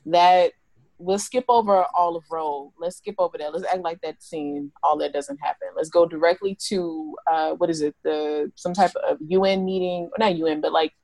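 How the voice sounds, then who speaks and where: A woman's voice: on the low side, steady tone, normal speed, a little mellow, no echo. A woman co-hosting a podcast in casual chat, talking loosely, laughing often and restarting her sentences. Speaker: podcast co-host.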